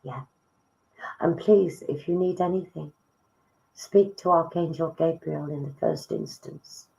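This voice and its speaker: A woman giving live psychic readings, soft and emotive, calling listeners darling. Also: sits low, unhurried, creaky, lo-fi sound. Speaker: psychic medium.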